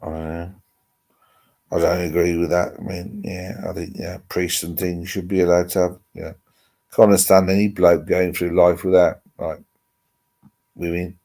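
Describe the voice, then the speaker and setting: A man sits at home with his laptop on his lap, hosting a casual chat with live viewers through the laptop's microphone. He rambles in a low, warm voice at a measured pace with little pitch movement, dropping mild swear words.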